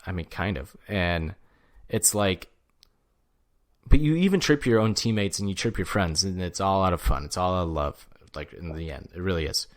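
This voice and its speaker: Low-voiced man telling a loose, profane story. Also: animated, moderate pace. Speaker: podcast co-host. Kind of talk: casual podcast chat.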